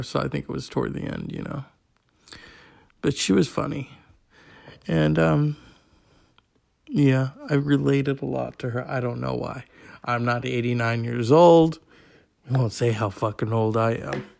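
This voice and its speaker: A man hosting a podcast solo, rambling and swearing a lot, with plenty of fillers. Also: medium pitch. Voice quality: gravelly. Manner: profane, rambling, with frequent fillers. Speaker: podcast host. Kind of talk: casual solo podcast monologue.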